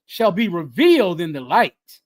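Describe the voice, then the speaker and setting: A man leading a group and preaching in a fiery, emphatic way, repeating his phrases and swinging from loud bursts to hushed lines. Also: high-pitched, big pitch swings, measured pace. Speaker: group leader teaching scripture. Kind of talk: fiery street-style preaching.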